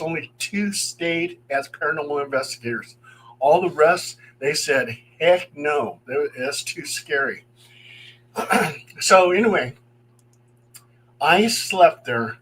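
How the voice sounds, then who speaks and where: Animated storytelling man, higher voice. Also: slight background noise, rough recording. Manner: animated, acts out voices in his stories. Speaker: paranormal investigator telling stories. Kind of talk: casual storytelling on a talk show.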